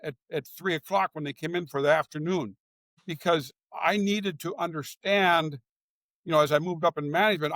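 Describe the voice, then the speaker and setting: Older man telling stories, higher voice. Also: a bit bright, dry recording. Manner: storytelling with frequent restarts. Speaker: guest, former executive. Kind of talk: conversational interview.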